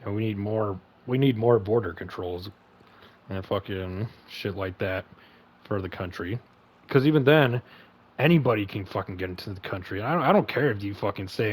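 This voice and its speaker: A man's voice: on the low side, moderate pace. Rambling, swearing man streamer. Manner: rambling, heavy swearing, many fillers. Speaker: podcast host and streamer. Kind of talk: casual opinion chat.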